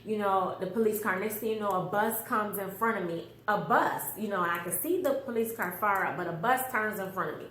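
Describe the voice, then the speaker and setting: A woman's voice: medium pitch, brisk, few pauses, fairly bright tone. Middle-aged woman telling an emotional story. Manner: emotional, earnest storytelling with quoted inner voices. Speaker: mother telling a personal story. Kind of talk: personal testimony. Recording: roomy echo with faint background hum.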